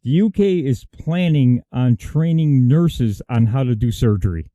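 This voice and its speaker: A man's voice: medium pitch, lively intonation, unhurried, mellow, no room sound, dull audio. A man, co-hosting a casual political talk show in an emphatic, indignant way.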